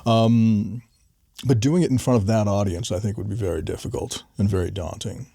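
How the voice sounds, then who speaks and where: A man's voice: lowish voice, moderate pace, creaky, warm tone, slightly rough, no room sound, clean studio sound. A man hosting a casual interview, chatty and joking as he asks loose questions. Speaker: interview host.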